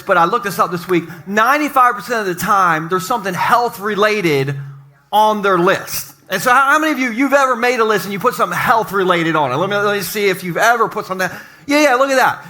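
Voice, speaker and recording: A man preaching to his congregation in a lively, joking way, speaking in a church basement. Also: high voice. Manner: energetic, joking, talks to the congregation. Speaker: pastor. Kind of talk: lively sermon opening.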